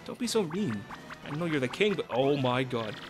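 A man commentating on a video game as a let's play host, excitable and rambling, with many restarts. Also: medium pitch, normal speed, music in the background.

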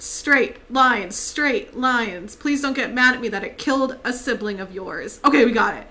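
Female gaming streamer, high pitched and bright, excitable, swears, laughs a lot, talks to on-screen characters. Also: measured pace, few pauses. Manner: excitable, reactive, laughs and yelps often. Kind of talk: live let's-play commentary.

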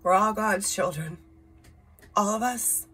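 A woman's voice: mid-range voice, slow pace, bright, forceful tone, husky. A woman doing a casual tarot reading, reading card words aloud in short bursts, blunt and swearing now and then. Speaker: tarot reader.

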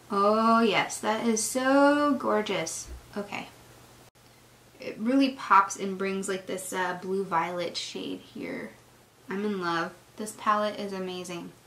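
A woman's voice: mid-range voice, fairly even intonation, slow, a bit bright. A woman beauty vlogger chatting and gushing as she does her makeup in a get-ready-with-me video. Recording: echoey room with faint noise.

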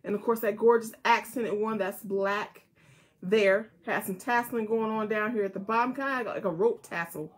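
A woman with a medium-pitched voice talks at a moderate pace. She's hosting a casual live jewelry sale, chatting with viewers and repeating item codes.

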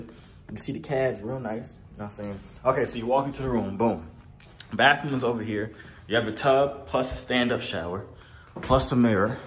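A young man casually vlogging on a trip, playful and talking straight to his viewers. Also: fairly low pitch. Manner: playful, joking, addresses viewers directly. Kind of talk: casual travel vlog. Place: airport and hotel room while traveling. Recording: handheld camera with clear background noise.

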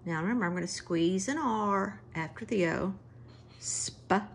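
A woman's voice: medium pitch, gravelly, slight background noise. A woman teaching a phonics lesson to children, sounding out words one sound at a time. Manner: slow, sound-by-sound phonics drilling.

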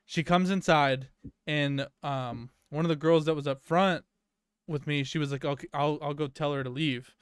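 A man's voice: fairly high pitch, fairly even intonation, normal speed, clean tone, dry recording, studio quality. A young man casually telling a long workplace story on a podcast, full of fillers and swearing. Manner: rambling anecdote with many fillers and profanity. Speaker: podcast co-host.

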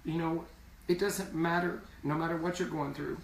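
A man's voice: on the high side, steady tone, normal speed, slight background noise. A man singer in a casual live video chat, speaking earnestly and repeating words for emphasis. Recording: roomy sound from far off.

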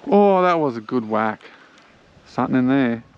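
An Australian man giving excitable, chatty commentary while fishing from a small boat on a creek, talking to the fish he catches. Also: medium pitch, moderate pace, lo-fi sound, slight background noise. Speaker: angler filming his own fishing trip. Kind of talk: casual fishing vlog commentary.

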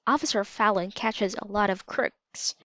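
A woman reading a loyal steady boy. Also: medium pitch, unhurried, dry recording, natural voice. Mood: earnest. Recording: slightly dull lo-fi recording.

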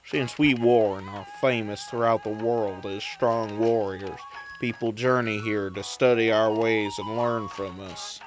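A woman's voice: extremely low pitch, fairly even intonation, measured pace, music in the background, pitched below the performer's own voice. A woman voicing a proud villager from a warrior clan, with an American Southern accent and a folksy drawl.

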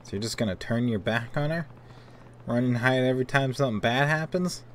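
A man's voice: mid-range voice, brisk, natural voice. A man reading the lines of a stern, righteous hero in a video game, firm and scolding, over faint background noise.

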